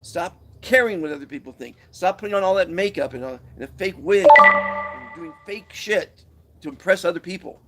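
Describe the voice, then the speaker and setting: A man giving a live-streamed motivational pep talk, animated and preachy, with stumbling restarts. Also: high-pitched, moderate pace, over music. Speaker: motivational speaker. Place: Guatemala, where he lives.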